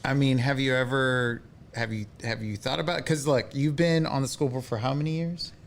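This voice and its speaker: A man hosting a podcast, asking hesitant questions and giving short, quiet replies. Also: fairly even intonation, moderate pace, slight background noise. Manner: soft, brief backchannel replies and low, hesitant questions. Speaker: podcast host. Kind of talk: casual interview.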